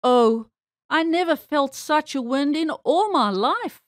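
A woman's voice: animated, slow pace, dry recording, studio quality. A woman doing a squealing fat lady pig. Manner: high squealing, grunting delivery.

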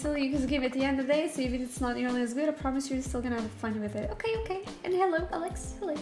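A young woman giving chatty, excitable commentary while streaming a game, often laughing. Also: sits high, racing, music in the background. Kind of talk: casual let's-play commentary.

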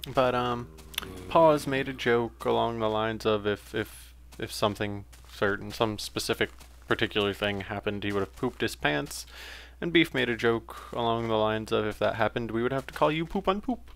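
A young man with a medium-pitched, fairly bright voice and some vocal fry talks at a normal speed over slight background noise. He's a let's play gamer offering casual, rambling commentary as he plays, with lots of fillers and self-corrections.

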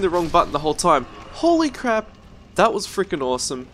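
A man giving excitable gameplay commentary, yelping and swearing as he plays. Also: on the high side, moderate pace, slight background noise. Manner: excitable, yelps and swears at the game. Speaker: let's-play gamer.

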